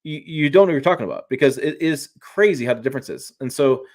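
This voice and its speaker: A man's voice: mid-range voice, lively intonation, fast. A man talking trucks as a journalist guest in a casual live-stream chat, emphatic and rambling, often restarting his sentences.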